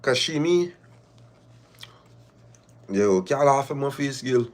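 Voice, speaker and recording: A man's voice: medium pitch, lively intonation, takes it slowly. A man, hosting a live show and reading listener stories aloud with laughing, mock-outraged asides.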